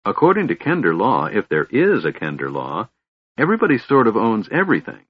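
Man voicing a chirpy little kender, high and carefree, dull lo-fi sound. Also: huge pitch swings, brisk, husky, heavily acted. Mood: cheerful. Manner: cheerful, chatty. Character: cheerful small kender man, carefree and oblivious. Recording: dull, lo-fi audiobook recording.

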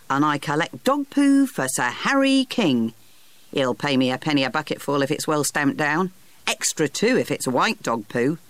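A storybook narrator voicing a proud, streetwise urchin boy who talks in a boastful, brisk way. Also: mid-range voice, no room sound.

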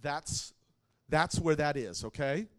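A man's voice: on the high side, takes it slowly. Joking, conversational male preacher. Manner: conversational and joking, asks the audience questions. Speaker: pastor. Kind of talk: sermon to a live congregation.

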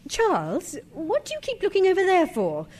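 An actress playing a sharp, practical second wife who grows indignant, with a brisk, brittle delivery in a radio drama. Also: female voice, very high-pitched, huge pitch swings, full character voice. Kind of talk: stage-style radio drama acting.

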